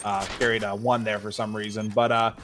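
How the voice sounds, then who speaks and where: Male esports caster, rapid jokey play-by-play, noisy game audio behind. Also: on the low side. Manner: fast, excitable, jokey. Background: game gunfire and clicks.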